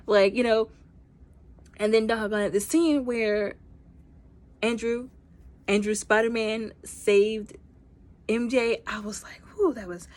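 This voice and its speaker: Chatty woman reviewer, expressive, acts out scenes as she recaps. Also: medium pitch, slow, pauses often. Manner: animated, acts out movie characters in quotes; heavy use of fillers like "like" and "you know". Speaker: movie reviewer.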